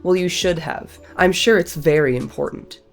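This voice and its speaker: A woman's voice: deep voice, moderate pace, creaky, faint music behind. A woman with a cold reading the lines of a cheerful, curious young male hobbit in a chirpy, nosy tone. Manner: chirpy and nosy, bright questioning tone. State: has a cold.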